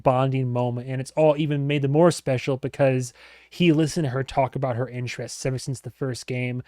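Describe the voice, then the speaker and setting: A man's voice: mid-range voice, clear, resonant tone, no echo, clean studio sound. A man hosting a reaction video, talking casually and rambling with lots of fillers, laughing often.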